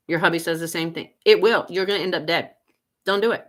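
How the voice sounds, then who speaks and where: A chatty woman in her fifties hosts a homesteading livestream, reading viewer comments at a quick pace. She's animated and laughs often, her pitch swinging way up when she teases viewers.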